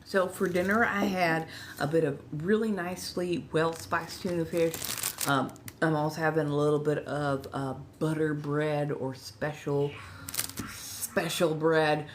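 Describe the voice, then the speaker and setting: A woman's voice: sits low, steady tone, measured pace, slight background noise. A woman from Southern California with a Californian accent, chatting casually with her livestream chat, often repeating herself as she reads and answers. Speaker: ASMR livestream host.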